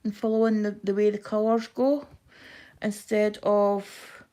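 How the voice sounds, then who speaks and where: A woman with a broad Scottish accent chatting quickly and casually to viewers on a live craft stream while she stitches. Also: mid-range voice, level tone, warm tone. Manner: quick-talking, chatty, self-deprecating. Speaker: craft livestream host.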